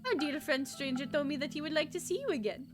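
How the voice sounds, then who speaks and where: A woman's voice: sits high, lively intonation, quick pace. A woman voicing a theatrical male tavern guest who speaks in pompous, old-fashioned, courtly phrases over game music. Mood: grandiose.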